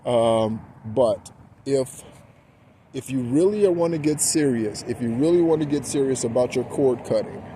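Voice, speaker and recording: A man's voice: medium pitch, a little slow, poor audio. A man giving a rambling, preachy spiritual pep talk outdoors, correcting himself as he goes. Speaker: spiritual guidance host. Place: outdoors near traffic. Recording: loud outdoor traffic noise. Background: street and car noise.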